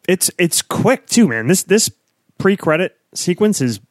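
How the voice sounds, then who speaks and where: A fairly high-voiced man who laughs often while he jokes, loose and profane on a casual film podcast. The recording is close and dry. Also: sing-song, unhurried, dry recording. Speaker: podcast co-host. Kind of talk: casual film-review chat.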